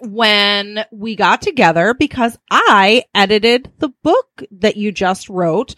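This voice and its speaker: A woman's voice: medium pitch, animated, slow pace, fairly bright tone, no room sound. A woman co-hosting a podcast, chatting casually and laughing easily. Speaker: podcast co-host, book editor. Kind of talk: casual chat.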